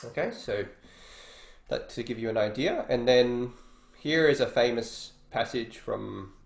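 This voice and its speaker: A man's voice: medium pitch, animated, unhurried, gravelly. A man teaching guitar in an online workshop, explaining casually and thinking aloud between demonstrations. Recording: roomy echo with faint guitar.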